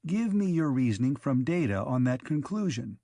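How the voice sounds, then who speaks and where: A man's voice: mid-range voice, very animated, normal speed, gravelly, mellow, no room sound, studio quality. A man voicing a firm, commanding young woman giving orders.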